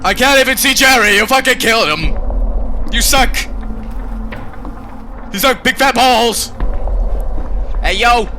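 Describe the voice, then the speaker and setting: A man's voice: very high voice, a little slow, pauses often, pushed and bright, soft background music. A man playing a horror game, talking to himself in a jumpy, nervous ramble full of swearing. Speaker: gaming channel host. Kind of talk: let's play commentary.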